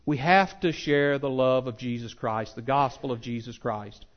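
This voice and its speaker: A pastor preaching a sermon with impassioned swells that drop to soft, earnest appeals. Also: male voice, mid-range voice, normal speed, lo-fi sound. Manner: impassioned preaching, rising loud then softening.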